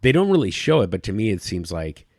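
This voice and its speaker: A man with a very low voice chats loosely about a TV episode as a podcast co-host. He circles back and restarts his thoughts often, and the recording is dry and close. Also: very animated, fast talker, darkish tone, no room sound. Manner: rambling, many restarts and fillers. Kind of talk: casual chat recapping a TV episode.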